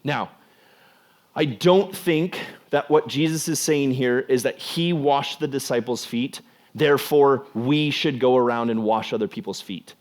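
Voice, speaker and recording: Young man, youth pastor, casual sermon, chatty, lots of fillers, mid-pitched voice. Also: unhurried. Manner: conversational, filler-heavy with frequent "like".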